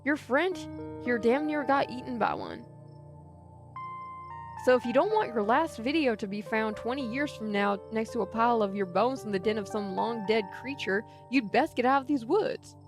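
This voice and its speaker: A woman's voice: fairly high pitch, very animated, normal speed, over music. A woman voicing a stern, folksy old rural man with a drawl. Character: gruff old rural man with a bad hip.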